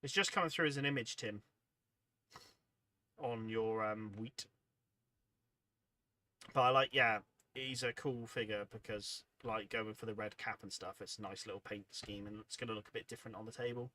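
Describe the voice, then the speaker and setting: Tired, chatty man with a bright voice. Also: on the low side, fairly even intonation, moderate pace, pauses often, no echo. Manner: chatty, rambling, self-deprecating. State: tired, yawning. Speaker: livestream host. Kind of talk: casual livestream chat reading viewer comments.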